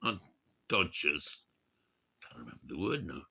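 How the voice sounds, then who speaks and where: A tired man talks into the small hours, rambling from one aside to the next and cursing freely. His voice is gravelly with a bright edge, and he speaks slowly while his pitch swoops widely. He stops often to search for the word he wants. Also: very animated. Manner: rambling, digressive, swears often, slurry tipsy asides; forgetful, searches for words aloud. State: tired, up late and drinking. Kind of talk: rambling late-night monologue.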